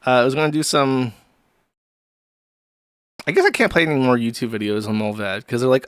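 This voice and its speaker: A man hosting a loose commentary stream in a crude, sarcastic and rambling way. His voice sits at an ordinary middle pitch and sounds dry and close to the mic, with no room sound. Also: lively intonation, moderate pace, long pauses, fairly bright tone, dry recording. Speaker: streamer host.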